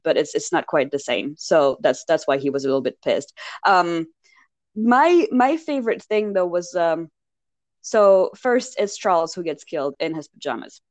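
A woman's voice: deep voice, a little mellow, no echo. A woman co-hosting a podcast, chatting casually and rambling about a film with lots of fillers and asides. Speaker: podcast co-host. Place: lived in Paris.

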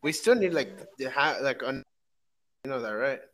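A man's voice: mid-range voice, lively intonation, normal speed, fairly bright tone. A man co-hosting a podcast in casual chat, throwing in crude jokes. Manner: crude joking interjections. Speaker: podcast co-host.

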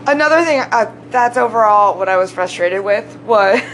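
A woman's voice: medium pitch, lively intonation, normal speed, a bit bright, low-quality recording. A woman co-hosting a podcast, rambling and giggling in a casual movie-review chat, swearing now and then. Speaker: podcast co-host. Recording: clear background noise.

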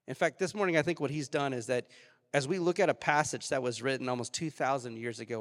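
A young man preaching a sermon as pastor, telling a personal story in a lively, animated way. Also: medium pitch, creaky. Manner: storytelling, animated, acts out quoted voices. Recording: reverberant church hall.

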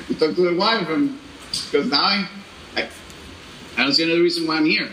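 A man giving an animated, storytelling testimony with laughter and halting restarts, in a church. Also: on the high side, a little hiss or hum. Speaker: speaker giving a personal testimony. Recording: echoey room with faint ambience.

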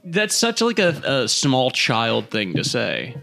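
A man's voice: medium pitch, wildly swooping pitch, slow pace, vocal fry, a bit bright. A young man in casual, profane banter among friends, teasing and rambling. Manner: rambling, teasing, swears freely.

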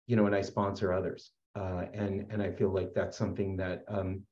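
A man shares his story at a recovery support meeting, earnest and rambling, with many fillers and restarts. His low voice is flat and a little mellow at a moderate pace, and the lo-fi recording sounds roomy.

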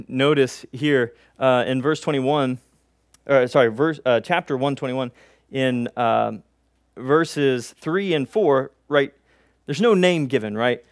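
Preacher teaching verse by verse. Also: male voice, medium pitch, slow, no echo, studio quality. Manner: teaching, explains word by word, frequent "uh" and "right?". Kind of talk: expository sermon.

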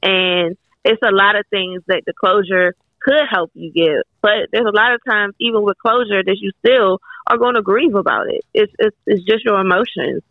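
Gravelly woman on a tinny line. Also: medium pitch, normal speed, no echo. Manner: candid, frank, swears casually. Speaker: guest author. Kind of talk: casual podcast chat. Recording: tinny phone-like line, dry.

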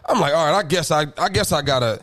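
A man telling stories in a casual chat, animated, with loud high bursts and low mutters, laughing often. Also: fast talker. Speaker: podcast co-host.

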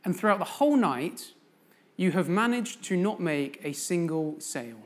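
A man's voice: high-pitched, lively intonation, moderate pace. A man giving a sermon as a guest preacher in a church, telling a story and putting questions to the congregation.

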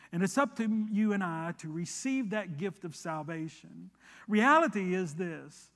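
Male pastor, high-pitched, preaching with emphasis and telling stories with quoted back-and-forth, church hall reverb. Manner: preaching with rising emphasis, then relaxed storytelling with quoted dialogue. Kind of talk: sermon with a personal story.

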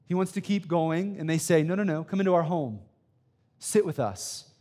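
A man's voice: fairly high pitch, lively intonation, normal speed, a little mellow. A man in his thirties, a student pastor preaching a sermon with emphatic, repetitive phrasing, often checking in with "right?" and telling personal stories. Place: church sanctuary.

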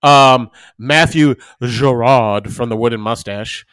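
A man's voice: medium pitch, slow, fairly bright tone, clean tone, no room sound, clean studio sound. A man co-hosting a casual podcast, rambling through stories and swearing freely, acting out other people's lines. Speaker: podcast co-host. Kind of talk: casual chat.

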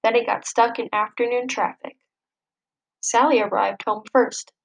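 A woman reading a children's picture book aloud in a lively, expressive way. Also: fairly high pitch, a little slow, creaky, poor audio. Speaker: storybook reader. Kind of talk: children's story read-aloud.

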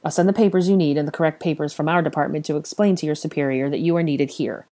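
A woman reading as a stern young wizard investigator, blunt and businesslike. His voice sits low and darkly mellow as he presses for answers in a storybook reading. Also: steady tone, fast talker, natural voice. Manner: firm, blunt and demanding.

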